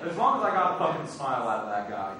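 A man doing a loud, crude stand-up set, teasing the crowd and breaking into sung bits. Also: medium pitch, big pitch swings, racing, heavy background noise. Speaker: stand-up comedian. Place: comedy club stage. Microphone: handheld stage mic. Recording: echoey club heard from far off, with music.

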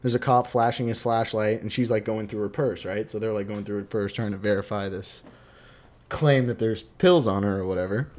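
A man's voice: lowish voice, a little fast, a little mellow. A man telling a long story on a casual podcast, swearing freely and acting out what people said. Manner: profane, rambling, acts out quotes. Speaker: podcast co-host.

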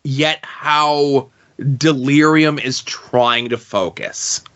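A man's voice: mid-range voice, fairly even intonation, drawn-out words, a bit bright. A man co-hosting a casual comic book podcast, making thoughtful points at length. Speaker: podcast co-host. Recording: dull lo-fi podcast audio.

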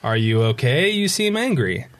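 A man voicing a kindly talking bee in a picture book, asking gentle questions. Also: mid-range voice, very animated, moderate pace. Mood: curious.

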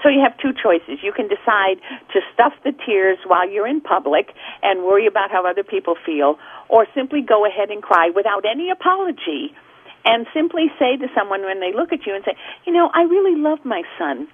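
A woman's voice: medium pitch, expressive, a little fast, husky. A woman guest speaking earnestly and reflectively on a radio talk show, heard over a telephone line. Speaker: guest, grief author.

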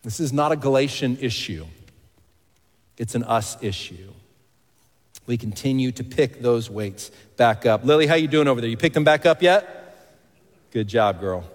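Emphatic preacher in a reverberant hall. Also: male voice, mid-range voice, animated, normal speed, pauses often. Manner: emphatic, swings from loud exclamations to hushed asides. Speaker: pastor. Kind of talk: sermon. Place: church hall. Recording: long reverb of a large hall.

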